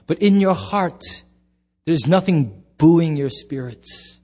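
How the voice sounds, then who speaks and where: A middle-aged man preaching a sermon as pastor, emphatic, swinging from loud bursts to hushed low lines. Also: animated, moderate pace, slightly rough.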